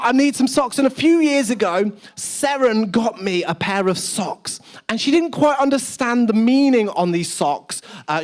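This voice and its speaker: Male pastor, sermon with humorous asides, self-mocking storyteller, in a church service. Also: high-pitched. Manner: chatty, self-deprecating storytelling. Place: church service with live audience.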